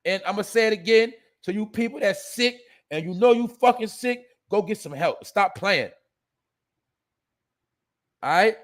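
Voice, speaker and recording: A man hosting a casual live stream, talking loosely in street slang and shouting out viewers in the chat. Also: high voice, expressive, normal speed, pauses often.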